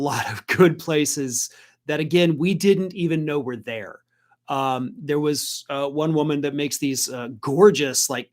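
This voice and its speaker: Man hosting a chatty political livestream. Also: a little high. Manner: conversational, reading out viewer comments. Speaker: host.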